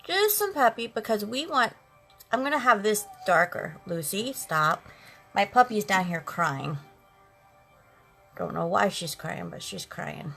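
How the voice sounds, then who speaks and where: A woman's voice: medium pitch, very animated, measured pace, creaky, pushed and bright, husky, low-quality recording. A talkative, sassy woman chatting with viewers during a makeup live stream, calling them girls and honey. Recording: faint music in the background. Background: eighties instrumental music.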